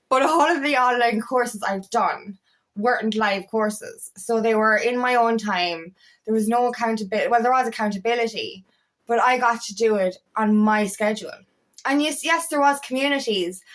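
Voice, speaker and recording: Woman, self-help coach vlogger, slightly high voice, emphatic, profane, rambling. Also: a bit bright. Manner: emphatic, heavy swearing, rambling restarts. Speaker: feminine empowerment coach. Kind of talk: casual vlog monologue.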